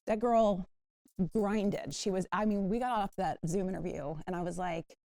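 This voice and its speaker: A woman on a discussion panel, a news manager who tells stories in an animated way. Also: mid-range voice, normal speed, no room sound, studio quality. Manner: animated storytelling.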